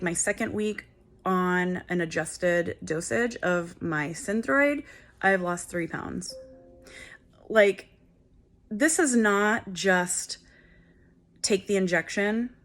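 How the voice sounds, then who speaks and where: A woman in her forties hosting a wellness channel, telling a personal story to camera in a candid, chatty way with playful asides. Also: medium pitch. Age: 40s. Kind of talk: casual talk to camera.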